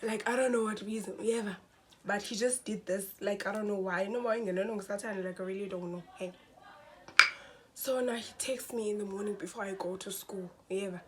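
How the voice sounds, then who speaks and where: A woman's voice: mid-range voice, steady tone, moderate pace, a little hiss or hum. A young woman tells a dramatic storytime vlog, talking to her viewers as guys and mixing in slang. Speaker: vlogger.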